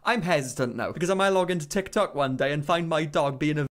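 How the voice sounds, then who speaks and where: Male YouTube commentator, slightly high voice, dry sarcasm. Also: fast.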